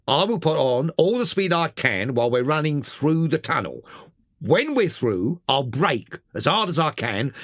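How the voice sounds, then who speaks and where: A narrator voicing a kindly, plain-spoken male engine driver, steady and fatherly. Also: mid-range voice, no echo, studio quality, voice pushed up. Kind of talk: audiobook character voice.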